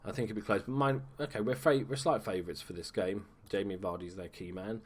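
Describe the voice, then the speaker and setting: A man's voice: on the low side, steady tone, fairly quick, hardly any pauses, breathy edge. A man giving casual, chatty commentary over a video game at home, swearing freely and tossing in dry asides. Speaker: gaming YouTuber.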